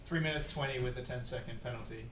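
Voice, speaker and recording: A man reading task results on a casual comedy panel, halting and filler-heavy. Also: medium pitch, fairly bright tone, recorded from a distance. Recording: echoey room heard from afar, with noise.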